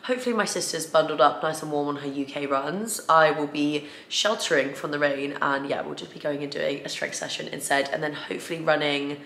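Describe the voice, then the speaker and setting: A young woman from England, chatting casually in a filler-heavy vlog, slightly raspy and tired. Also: deep voice, brisk, few pauses, fairly bright tone, slight background noise. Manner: chatty, filler-heavy, emotional and choked up at times. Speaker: fitness vlogger. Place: home room, indoors. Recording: echoey room.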